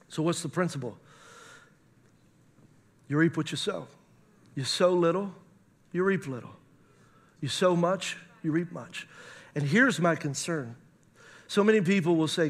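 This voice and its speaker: Pastor, male, higher register, emphatic sermon delivery with scripture readings. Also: animated, normal speed, pauses often. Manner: preaching with emphatic rises, reads scripture aloud.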